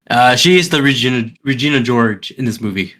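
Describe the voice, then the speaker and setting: A man's voice: medium pitch, expressive, moderate pace, a bit bright. Man recapping a movie with lots of ums. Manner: loose, hesitant recapping with many fillers. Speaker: podcast co-host. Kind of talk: casual movie recap chat.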